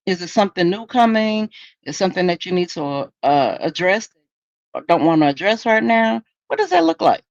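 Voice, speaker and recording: A woman's voice: fairly low pitch, darkish tone, no room sound, lo-fi sound. A woman hosting a solo podcast in a candid, conversational, preachy way. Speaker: podcast host.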